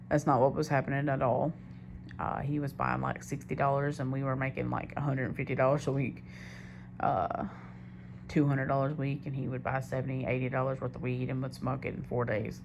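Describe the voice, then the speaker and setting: A young woman with a notably low voice tells a personal story straight to the camera. She rambles candidly and keeps doubling back mid-sentence, with a faint hiss under her voice. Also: little pitch movement, moderate pace, gravelly. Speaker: diary vlogger. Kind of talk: confessional storytelling monologue.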